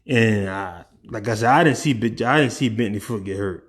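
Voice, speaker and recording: A male sports vlogger with a lowish voice delivers an opinionated, animated rant, switching between rapid bursts and drawn-out emphasis.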